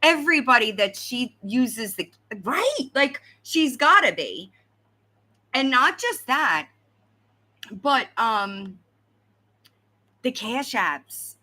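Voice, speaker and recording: Lively, bright-voiced woman chatting on a livestream. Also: on the high side, slow pace, pauses often. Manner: animated, talks to chat, frequent "right?". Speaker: livestream host. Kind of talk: casual livestream chat.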